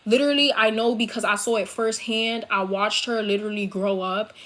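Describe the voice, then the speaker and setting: Recorded on a laptop's built-in mic, a young New York-accented vlogger sits on her bedroom bed delivering an emphatic, cursing storytime rant to camera. She speaks fairly quickly in a mid-range, fairly bright voice with fairly even intonation.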